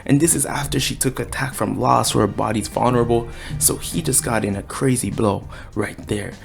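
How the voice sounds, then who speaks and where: A man giving a casual, excited chapter review, talking in slang and acting out the characters' lines. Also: mid-range voice, normal speed, creaky. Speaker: anime and manga reviewer.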